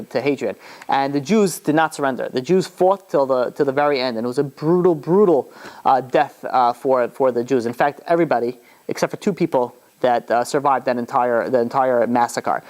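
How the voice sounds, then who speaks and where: Man, rabbi, rushed delivery, rambling storytelling, frequent fillers. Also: mid-range voice, a little mellow. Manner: rambling, many fillers and restarts. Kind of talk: storytelling talk.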